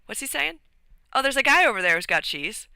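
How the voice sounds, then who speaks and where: A streamer voicing a chatty, greedy talking rat that squeaks out quick, excited asides. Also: vocal fry, clear, resonant tone, no echo, heavily acted.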